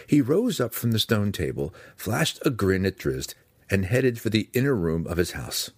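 Male audiobook narrator, very low voice, husky, lively pitch, dry close sound. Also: moderate pace, no room sound. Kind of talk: scripted fantasy narration.

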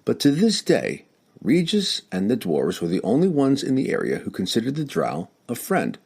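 A man narrating a fantasy audiobook with an expressive storytelling delivery. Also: mid-range voice, normal speed, vocal fry, slightly rough.

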